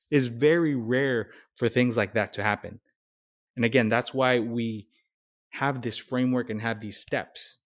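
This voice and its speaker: A young man, a nurse and content creator, giving casual, energetic how-to advice in a direct coaching manner. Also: mid-range voice.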